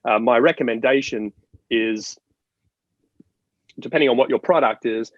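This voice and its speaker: A man from Australia, a guest in an interview, explaining ideas in an animated, storytelling way with many restarts. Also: medium pitch, moderate pace, dry recording, lo-fi sound. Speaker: marketing guest. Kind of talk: interview conversation.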